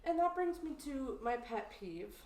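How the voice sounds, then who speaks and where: A woman's voice: sits high, a little slow, recorded from a distance. A woman co-hosting a casual podcast chat, telling stories with lots of "like" fillers and getting worked up. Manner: animated, indignant storytelling with many "like" fillers. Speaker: podcast co-host. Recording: roomy, from off-mic.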